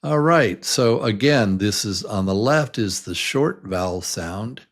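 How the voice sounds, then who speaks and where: A man teaching a beginner English pronunciation lesson, leading slow, patient drills and encouraging his learners. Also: medium pitch, animated, creaky.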